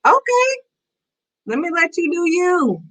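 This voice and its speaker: A woman voicing God as a mocking, sarcastic male figure in a much higher voice than her own. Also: big pitch swings, unhurried, a bit bright, full character voice. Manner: incredulous, teasing.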